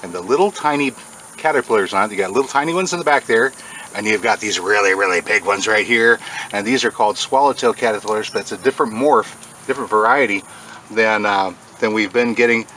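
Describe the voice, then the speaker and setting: A man hosting a casual outdoor farm vlog, chatty, often breaking into a high sing-song voice to talk to animals. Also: brisk, sharp tone, slight background noise. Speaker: farm channel host.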